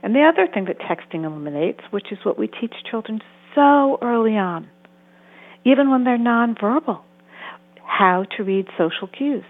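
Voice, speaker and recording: A woman's voice: a little high, expressive, normal speed. A woman therapist and author giving earnest interview answers, sometimes acting out the voices she quotes. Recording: tinny phone-like sound.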